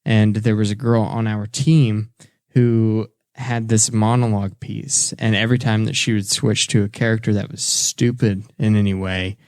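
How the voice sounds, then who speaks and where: A man's voice: on the low side, steady tone, moderate pace, a little mellow, clean tone, dry recording, clean studio sound. A young man co-hosting a podcast, telling stories in a rambling, casual way with lots of restarts. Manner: rambling storyteller, many restarts and fillers. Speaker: podcast co-host. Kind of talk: casual chat.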